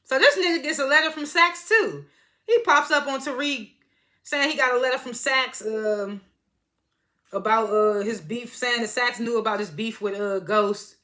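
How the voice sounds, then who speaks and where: Bright-voiced woman recapping a TV episode. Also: a little high, moderate pace. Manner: animated, slangy storytelling with frequent laughs. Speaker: TV show reviewer.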